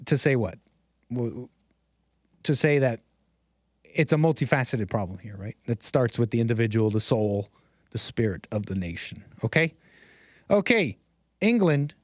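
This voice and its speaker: A man's voice: on the high side, a little mellow, no room sound, clean studio sound. A man streaming casual commentary over video clips, rambling and sarcastic, with frequent restarts.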